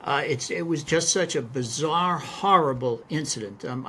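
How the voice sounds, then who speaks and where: A man speaking as a legal analyst in an interview, grave and measured. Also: a little high, a bit bright, slight background noise. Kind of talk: interview commentary.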